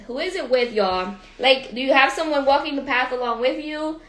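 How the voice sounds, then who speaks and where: A high-voiced woman coaching her viewers in an energetic live talk, firing repeated questions at them. She calls them y'all and keeps the pace lively. Her voice rings around an echoey room. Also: moderate pace. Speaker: life and business coach. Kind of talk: motivational livestream talk.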